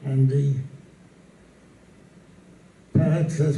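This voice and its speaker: A man telling jokes in an unhurried storytelling way, in an echoey room away from the mic. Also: fairly high pitch, steady tone, vocal fry, dark tone, distant mic. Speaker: comedian.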